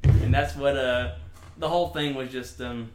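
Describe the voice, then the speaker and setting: A man in casual chat who laughs often, swears freely and rambles through excited retellings. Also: medium pitch, normal speed, echoey room, loud music behind the voice.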